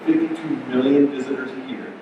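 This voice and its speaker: A middle-aged man preaching a sermon as pastor, animated and storytelling, with frequent restarts. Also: medium pitch, a little fast, phone-quality sound, background noise. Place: church sanctuary. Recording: very echoey church hall, distant mic.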